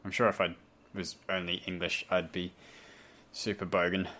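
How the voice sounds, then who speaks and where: A man with a deep, sharp voice and a level tone speaks at a normal speed while hosting a podcast. Chatting casually from home on a voice call, he lets his light Australian accent show and wanders off into self-mocking asides.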